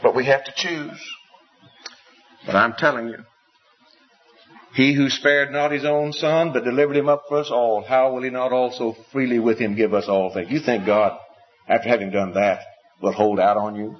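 A man's voice: medium pitch, steady tone, normal speed, lo-fi sound. A male preacher delivering an impassioned sermon, full of rhetorical questions and sweeping rises and falls.

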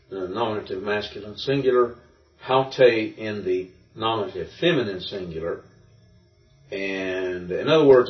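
Low-voiced man lecturing in a roomy hall. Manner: relaxed, explaining step by step with fillers. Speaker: Greek teacher. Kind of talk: classroom lecture. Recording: distant, roomy, dull lo-fi recording.

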